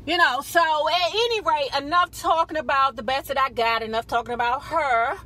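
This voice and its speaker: A woman's voice: sits high, moderate pace, sharp tone. A woman hosting a casual celebrity gossip vlog, talking in a sassy, profane way. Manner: sassy and profane, with frequent "child" and "baby". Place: not on camera, audio-only.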